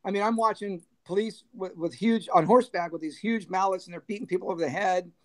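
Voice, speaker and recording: In a casual interview, a middle-aged man who once managed a band recounts road stories at a quick pace in a high-pitched voice. He laughs a lot and performs what people said with animated flair.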